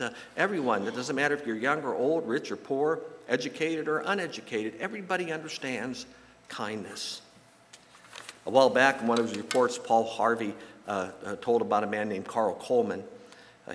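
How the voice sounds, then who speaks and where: A man delivers a sermon in a church, his voice landing at an ordinary middle pitch. He tells folksy stories and slips in jokes, sometimes stumbling over repeated words. A long reverb from the big hall trails after his words. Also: a bit bright. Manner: folksy storytelling with jokes, some halting repeats. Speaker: pastor. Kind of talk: sermon with anecdotes.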